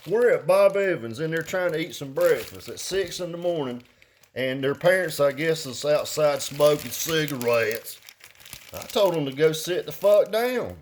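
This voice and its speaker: A man talking loosely and loudly while unboxing and reviewing a car amplifier, full of cussing and jokes. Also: a little high, animated, normal speed, slight background noise. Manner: rambling, profane, loud and jokey. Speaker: vlogger reviewing car audio gear. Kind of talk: casual unboxing chat.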